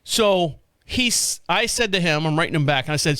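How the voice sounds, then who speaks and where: An American man hosts his own show and tells a long, rambling story in a casual monologue, restarting his sentences often and swearing now and then. His voice sits a little high for a man. The sound is close and dry, with no room around it. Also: normal speed, clear, resonant tone, dry recording. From United States. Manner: rambling, animated retelling with frequent restarts and laughs. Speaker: podcast host.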